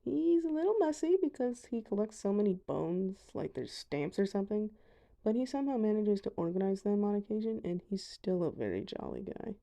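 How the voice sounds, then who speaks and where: A woman's voice: mid-range voice, expressive, fairly quick, creaky, mellow. A young woman giving a casual voice-over of a video game, chatty with self-deprecating asides. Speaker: gamer showing her dragons.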